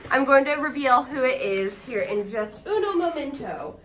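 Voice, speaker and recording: A woman vlogging casually as she unboxes gifts, excitable and gushing. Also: high voice, moderate pace, few pauses, very noisy. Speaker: AuthorTube vlogger.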